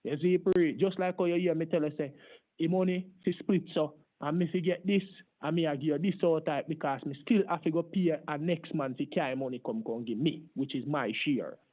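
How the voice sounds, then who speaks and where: A man's voice: fairly high pitch, a little fast, natural voice. A man playing a boastful Jamaican street hustler in thick put-on patois, rambling on with "brother" and "my father", heard over a tinny phone line. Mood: insistent. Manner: rambling, long-winded, repeats "my father" and "brother". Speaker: scambaiter.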